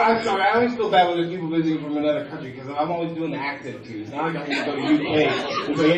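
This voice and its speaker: A man's voice: a little high, rapid-fire, hardly any pauses. A man doing crowd work in a comedy club, teasing the audience with mock apologies. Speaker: stand-up comedian. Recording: roomy hall from far off with a loud crowd.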